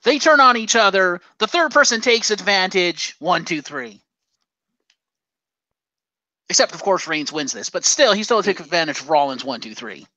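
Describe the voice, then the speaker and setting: A man's voice: sits high, animated, normal speed, sharp tone, dry recording, lo-fi sound. A man co-hosting a podcast, chatting casually about wrestling in a sarcastic, profane rant. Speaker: podcast co-host.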